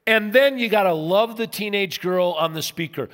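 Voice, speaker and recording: Brief: animated man in his fifties telling stories from the pulpit, bright voice, long hall reverb. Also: high voice, normal speed, hardly any pauses. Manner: animated storyteller, acts out voices. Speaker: pastor. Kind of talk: sermon with storytelling.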